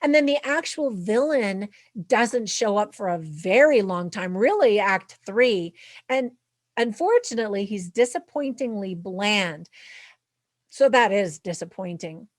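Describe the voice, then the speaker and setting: A woman's voice: medium pitch, animated, measured pace, dry recording. A woman hosting her own channel, giving a chatty, upbeat movie review with tips for parents. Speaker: film reviewer and channel host. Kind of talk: casual movie review to camera.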